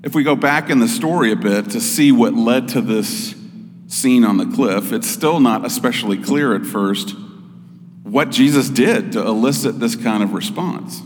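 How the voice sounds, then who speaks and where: A man giving a sermon as pastor, in a measured, explanatory way. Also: mid-range voice, long reverb tail, slight background noise.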